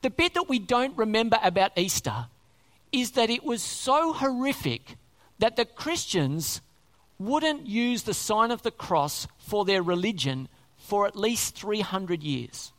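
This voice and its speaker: An emphatic preacher in the middle of a sermon, the voice rising and falling with lively, wide swings in pitch. Key words come back again and again, and questions are put straight to the listeners. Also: measured pace.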